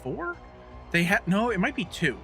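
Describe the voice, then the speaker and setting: Guy on a horror podcast ranting, cursing a lot, high bright voice, faint music behind. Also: huge pitch swings, moderate pace. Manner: rambling, profane, incredulous ranting. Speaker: podcast co-host. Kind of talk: casual podcast chat.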